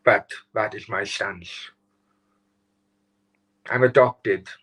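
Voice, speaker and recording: A man's voice: on the low side, steady tone, fairly bright tone, husky, poor audio. Upset man on a live stream. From Wales. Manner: upset, halting, swears, many restarts. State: close to tears. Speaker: channel host.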